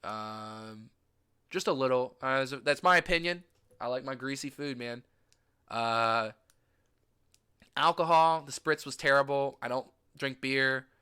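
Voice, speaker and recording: Bright, animated young man ranting about travel. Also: mid-range voice, unhurried, long pauses, clean tone. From United States. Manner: animated, gushing, swears casually. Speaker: vlogger. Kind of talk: casual travel recap chat.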